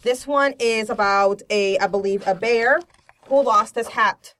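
A woman's voice: a little high, a little slow, a bit bright. A woman from Puerto Rico giving a chatty, casual show-and-tell talk about children's books, with many fillers. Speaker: children's book presenter.

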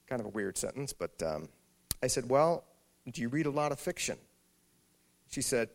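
Male author, mid-pitch gravelly voice, wry storyteller addressing an audience. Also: lively intonation, moderate pace. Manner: wry anecdotal humor. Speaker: author giving a talk. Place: auditorium with a live audience.

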